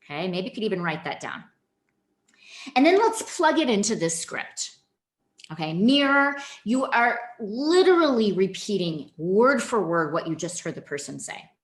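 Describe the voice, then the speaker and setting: A woman's voice: mid-range voice, very animated, moderate pace. A woman giving a keynote training presentation, speaking directly and animatedly to her audience. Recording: echoey room.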